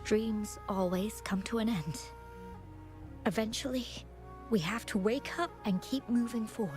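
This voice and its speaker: A woman voicing a frail, weary young woman in a game, speaking softly and slowly, gently resolute. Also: on the high side, music in the background, natural voice. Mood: tired. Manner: soft, slow and tired. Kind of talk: game character dialogue.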